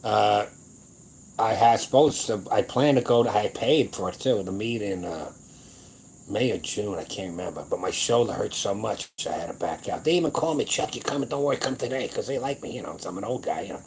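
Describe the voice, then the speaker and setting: A man's voice: on the low side, lively intonation, fairly quick, a little mellow, poor audio. Blunt, rambling man in his seventies. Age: 70s. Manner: blunt, rambling, profane, boastful. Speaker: powerlifting channel host. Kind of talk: casual livestream chat.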